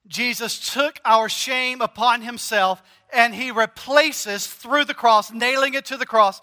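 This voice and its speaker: A man's voice: very high-pitched, unhurried, hardly any pauses, bright, forceful tone, long reverb tail. A male pastor preaching a sermon in an earnest, emphatic way, repeating key phrases.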